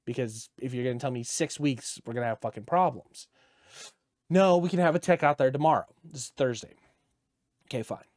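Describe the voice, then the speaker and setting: A man's voice: mid-range voice, fairly quick, no room sound. Profane ranting man, dry sound. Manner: ranting, profane, animated storytelling. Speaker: podcast co-host. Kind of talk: casual podcast chat.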